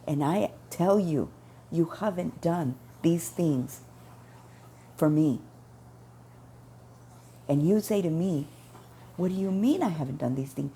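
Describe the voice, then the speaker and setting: A woman's voice: low voice, slow pace, vocal fry, pauses often, warm tone, a little hiss or hum. A woman telling a personal religious testimony in an earnest, repetitive storytelling way, quoting her prayers. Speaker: testimony speaker.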